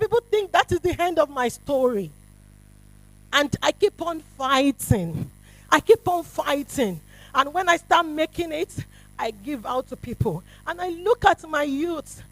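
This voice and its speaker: A middle-aged woman, giving a fervent testimony to a youth retreat, swinging from hushed to shouting. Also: sits high, rough recording. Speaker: prophetess speaking to a youth retreat. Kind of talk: impassioned testimony to a crowd.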